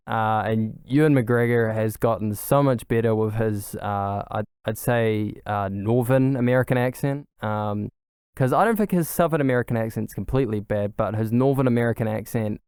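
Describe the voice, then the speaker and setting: A young man chats on his own, eager and rambling, looping back through fillers and restarts. His voice is smooth and clear, recorded close and dry with no room sound around it. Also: mid-range voice, darkish tone, no echo. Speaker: podcast host. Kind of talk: casual solo chat.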